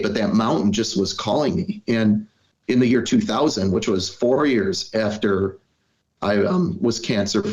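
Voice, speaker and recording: A middle-aged man from Wisconsin, a podcast guest telling his own story in an earnest, reflective way with plenty of "you know" fillers. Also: lowish voice. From Wisconsin, US Midwest. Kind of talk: personal storytelling in conversation. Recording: slightly dull, lo-fi audio.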